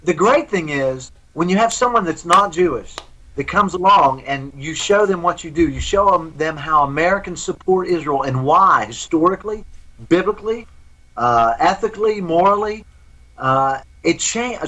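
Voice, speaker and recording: A man's voice: fairly high pitch, expressive, moderate pace, sharp tone, rough recording. A man speaking as a guest in a live remote interview, earnest and preaching.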